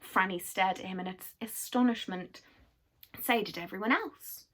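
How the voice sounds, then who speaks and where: A woman's voice: mid-range voice, moderate pace, a bit bright. Woman reading a children's story aloud.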